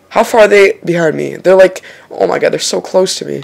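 A young man giving casual, excitable let's-play commentary over a racing game, swearing and exclaiming when he makes mistakes. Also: high voice, fairly quick, creaky, faint music behind. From Lithuania. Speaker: gaming channel host.

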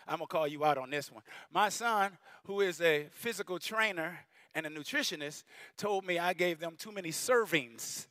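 A middle-aged man preaching a sermon in a church, animated and storytelling, rising at times to shouting. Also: high voice, gravelly, no room sound, clean studio sound. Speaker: bishop preaching. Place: church sanctuary.

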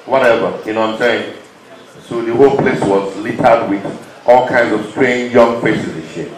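A Nigerian man telling his story to a live audience, impassioned, moving between loud urging and quiet, choked-up moments. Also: medium pitch, echoey room, rough recording. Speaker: performer speaking to an audience. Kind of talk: emotional testimony on stage.

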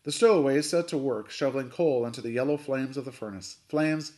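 A man, a coach, reading a chapter book aloud with expressive storytelling narration. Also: mid-range voice, brisk.

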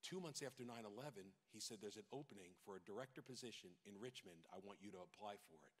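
A man's voice: fairly low pitch, fast talker, slightly rough. A middle-aged pastor from New York with a New York accent, preaching a sermon and exhorting his congregation with rising intensity. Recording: long hall reverb.

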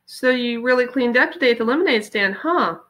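A woman reading as a sharp, suspicious young girl. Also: on the high side, animated, fairly quick, pitched above the performer's own voice. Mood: pointed.

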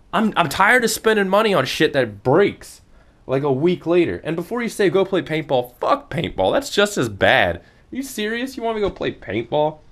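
Young male vlogger, irritated and profane, rambling delivery with a very animated pitch. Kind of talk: casual ranting vlog.

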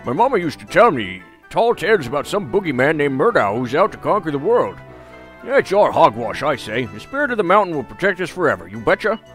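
A man's voice: on the high side, very animated, brisk, a bit bright, soft background music, voice pushed up. A man voicing chatty, homespun villagers while reading game dialogue aloud. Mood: folksy. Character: folksy small-town villagers, chatty and homespun.

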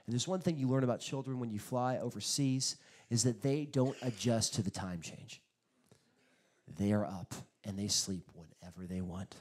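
Animated male pastor preaching. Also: lowish voice, moderate pace, slight background noise. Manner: animated storytelling with sudden loud bursts; acts out quotes in his stories. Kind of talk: sermon.

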